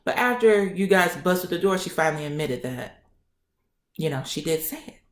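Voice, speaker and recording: Feisty, animated young woman in an echoey room. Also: on the low side, normal speed. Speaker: vlogger. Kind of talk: casual storytime. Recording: roomy echo.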